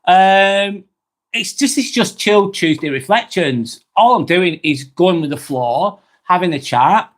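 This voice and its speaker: A man in casual live-stream mode, voice sitting slightly high for a man. He rambles gently through viewer comments with plenty of fillers and sorrys. He sounds slightly under the weather. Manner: slow, relaxed, rambling with many fillers and apologies.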